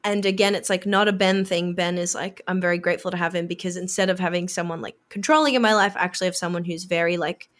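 A young woman chatting casually as a podcast co-host, animated and laughing often. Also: on the low side, quick pace, hardly any pauses. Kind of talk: casual chat.

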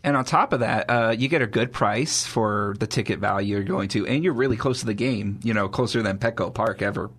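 A man's voice: on the low side, a little fast, hardly any pauses, a bit bright, breathy edge. A man working as a radio show producer, chatty and joking, with apologetic asides. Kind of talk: casual talk radio banter.

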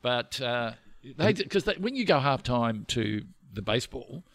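An Australian man in casual chat as co-host, wry and often halting with restarts. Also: mid-range voice, sing-song, a bit bright.

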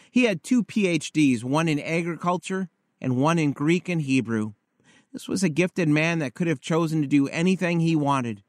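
A man preaching a sermon, telling a story in a measured, earnest way. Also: a little high, no room sound, studio quality. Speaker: pastor.

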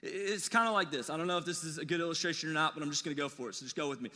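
A man preaching a sermon, telling stories in a casual, animated way with slangy asides. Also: on the high side, very fast, big-room sound. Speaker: pastor.

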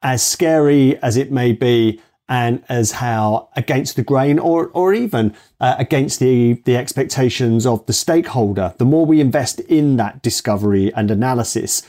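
Mellow-voiced male podcast host. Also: mid-range voice, moderate pace, hardly any pauses. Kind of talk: casual interview talk.

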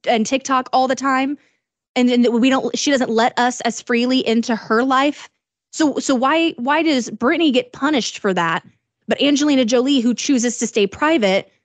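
A chatty woman co-hosts a casual show, laughing often and poking fun at herself. Her voice sits a little high, recorded close and dry with no room sound. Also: no room sound. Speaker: co-host. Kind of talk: casual radio show chat.

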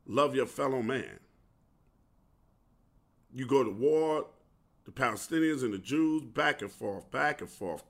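A man's voice: mid-range voice, gravelly. A man hosting a solo podcast, ranting passionately in slang and saying he feels unwell. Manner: impassioned, preachy rant with street slang. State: feeling unwell. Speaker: podcast host.

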